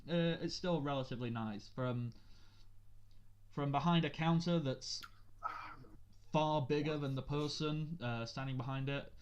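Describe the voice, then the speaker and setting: A man running a tabletop game as game master, narrating in a relaxed way with many uhs and ums. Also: fairly high pitch, measured pace, pauses often, smooth.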